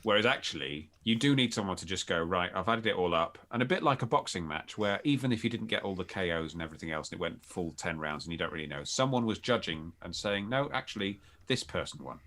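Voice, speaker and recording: A man's voice: low voice, lively intonation, fast talker, hardly any pauses, a bit bright. A man who is a guest on a casual podcast chat, musing aloud with jokey asides.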